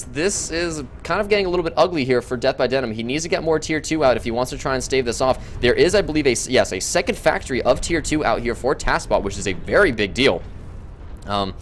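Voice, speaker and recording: A man casting a strategy video game match, who gets loud and excited at big moments. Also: mid-range voice. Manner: excitable, shouts and laughs at big plays. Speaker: game caster. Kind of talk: esports commentary.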